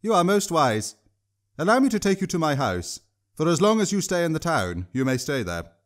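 A man reading an audiobook, voicing a wealthy lord in a measured, lofty and formal manner. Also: on the high side, sing-song, voice pushed up. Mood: lofty, condescending. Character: pompous wealthy male lord.

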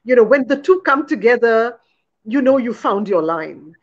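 A woman with a slightly high voice talking through her reading of a novel, careful and searching for words. The recording sounds dull and muffled. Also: lively intonation, moderate pace. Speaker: poet and interviewer. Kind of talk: literary conversation.

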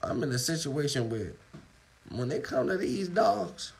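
A man's voice: on the high side, very animated, measured pace, gravelly, slightly rough, poor audio. A man on a live phone stream, talking loosely with lots of profanity while his dogs are around. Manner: loose, profane street talk. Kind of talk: casual live-stream talk.

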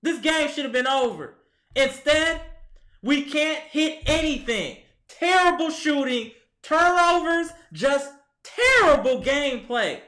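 Exasperated, high-voiced man ranting at his team. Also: animated, slow pace, pushed and bright, echoey room. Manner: exasperated, heated, talks straight to the team. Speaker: sports vlogger. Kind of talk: ranting fan commentary. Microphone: camera mic.

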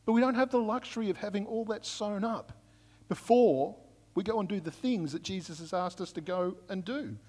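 Male pastor, higher-pitched and chatty, who keeps checking in with the room while he preaches a sermon, heard with a long echo in a church hall. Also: moderate pace, a little mellow. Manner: conversational storytelling, frequent "right?" check-ins.

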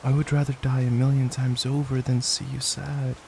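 A young man in a whispered role-play as a boyfriend, gentle, affectionate and reassuring, speaking into a desk microphone at home. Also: mid-range voice, little pitch movement, normal speed, gravelly, a little hiss or hum, rough recording. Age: young adult. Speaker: ASMR creator. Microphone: desk microphone at a gaming setup.

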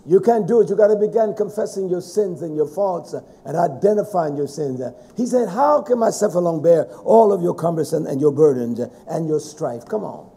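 A middle-aged man preaching a fervent sermon, swinging between loud shouting and low, quiet asides. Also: animated, brisk, vocal fry, hardly any pauses.

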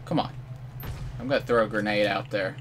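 A man giving live commentary over his own online shooter match, excitable and mock-outraged, trash-talking opponents. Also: on the low side, a little fast, soft background music. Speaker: gameplay commentator.

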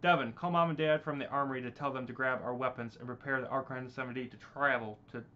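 A man voicing Douglas, a young team leader, giving loud, stumbling orders on a dull lo-fi recording. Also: mid-range voice, steady tone, fast, slight background noise, close to an everyday voice. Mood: commanding.

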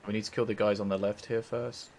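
A man's voice: lowish voice, flat delivery, quick pace, a little mellow, slight background noise. A man streaming a co-op game, talking laid-back and swearing casually.

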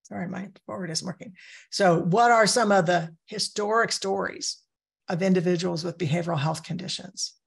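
Gravelly-voiced woman giving a training talk. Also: lowish voice, moderate pace. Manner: conversational, storytelling with personal anecdotes. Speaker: crisis care trainer. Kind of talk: training presentation.

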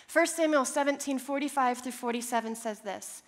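A woman's voice: sits high, moderate pace. A woman preaching a sermon, telling Bible stories in a conversational way and building to passionate, repeated declarations. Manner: storytelling, conversational asides.

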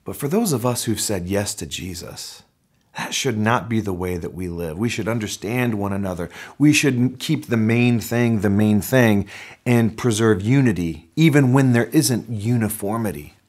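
A male pastor preaching a sermon in a lively, conversational way, his voice climbing on the points he stresses. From North America. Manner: animated preaching, pitch rising on emphasis.

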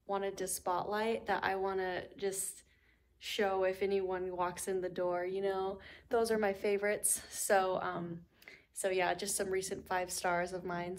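A young woman chatting casually in a home vlog, giggly and full of fillers. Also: medium pitch. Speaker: book vlogger. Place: home library room.

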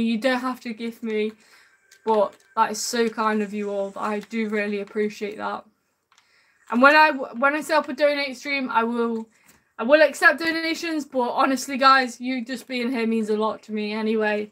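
A woman streaming a game live, upbeat and chatty with her viewers. Her voice sits a little high, and she often calls the chat man or bro. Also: fairly bright tone. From United Kingdom.

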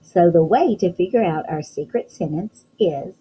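A woman teaching a phonics lesson to young children, talking in a slow, sing-song, encouraging way and praising often. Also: fairly low pitch, expressive, warm tone, slight background noise, low-quality recording. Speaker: kindergarten teacher.

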